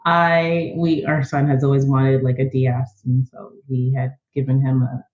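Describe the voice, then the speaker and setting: A woman's voice: rumbling low, moderate pace, lo-fi sound. Earnest woman guest in an echoey room. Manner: earnest, animated storyteller. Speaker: podcast guest. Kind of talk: casual conversational interview.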